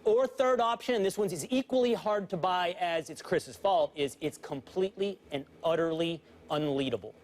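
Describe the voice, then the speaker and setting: A man's voice: high voice, moderate pace, hardly any pauses. A man on a sports talk show making an emphatic, point-by-point argument as a panelist. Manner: emphatic, builds points by numbered lists.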